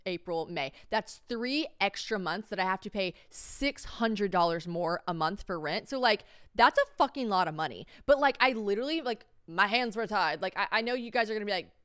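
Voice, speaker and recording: Young woman podcast host, rambling storyteller, smooth and close-miked. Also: medium pitch, expressive, normal speed, hardly any pauses, a bit bright, no room sound. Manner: rambling storytelling, acts out quoted voices. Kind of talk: casual chat.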